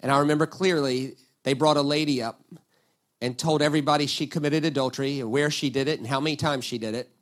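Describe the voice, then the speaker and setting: A man preaching a sermon, telling a Bible story with lively acted-out quotes and frequent "right?" asides to the congregation. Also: mid-range voice, quick pace. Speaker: pastor.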